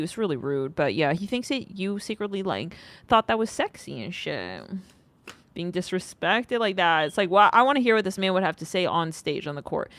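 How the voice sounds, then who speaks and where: A woman's voice: lowish voice, a bit bright, no room sound. A woman doing a casual tarot reading, rambling and sassy, with swearing along the way. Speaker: tarot reader.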